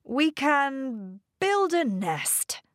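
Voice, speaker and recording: Woman reading a calm dad from a storybook, super slow and careful, lots of ups and downs in the voice. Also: sits high, no echo, clean studio sound, voice pushed up, heavily acted. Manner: slow, careful read-aloud delivery. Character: fatherly man, calm and resourceful.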